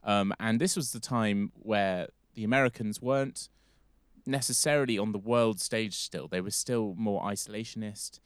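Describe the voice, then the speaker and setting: A man's voice: fairly low pitch, normal speed, clean tone, dry recording, clean studio sound. An English man hosting a casual history podcast, rambling and correcting himself as he goes. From England. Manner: rambling, self-correcting, chatty. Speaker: podcast host.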